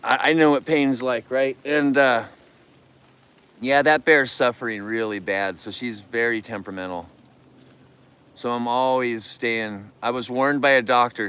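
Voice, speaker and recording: Earnest, rambling man with a smooth voice. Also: medium pitch, fairly even intonation, measured pace, fairly bright tone. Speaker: vlogger who keeps bears. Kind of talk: casual talk to camera.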